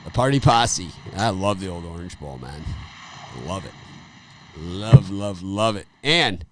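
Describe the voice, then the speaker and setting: A middle-aged man with a lowish voice hosts a casual sports betting chat. He rambles through stories, laughs often and repeats phrases. His delivery stays loose and conversational. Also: animated, measured pace, fairly bright tone, a little hiss or hum. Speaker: sports betting show host.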